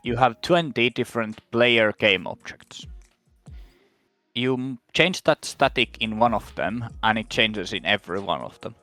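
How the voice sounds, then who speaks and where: A man in casual stream chat who explains things in a patient, measured way. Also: on the low side, expressive, bright, forceful tone, no echo, soft background music.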